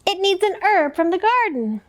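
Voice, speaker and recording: A woman's voice: very high-pitched, very animated, normal speed, a little hiss or hum, voice pushed up. Woman doing a fussy, dramatic duck chef. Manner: theatrical, mock-Italian flourishes.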